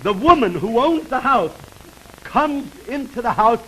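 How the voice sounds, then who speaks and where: A middle-aged man spins a silly sponsor story, breaking off and correcting himself as he goes. His voice sits high and leaps around. The old broadcast carries a clear hiss under him. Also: very animated, a little slow, pushed and bright. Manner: rambling, self-interrupting, laughing at his own story. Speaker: comedian doing a sponsored pitch. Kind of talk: rambling comic ad routine. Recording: noisy vintage 1940s broadcast recording.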